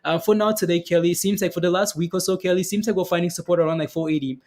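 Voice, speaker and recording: A man's voice: sits high, fairly even intonation, very fast, darkish tone. A man giving casual live-stream commentary on stock charts, chatty and repetitive, often asking "right, guys?" and reading viewer comments aloud.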